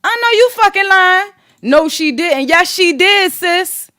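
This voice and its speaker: Sassy high-voiced woman podcast host. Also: a little slow, no echo, studio quality. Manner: sassy, profane, animated gossip. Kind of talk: casual commentary podcast.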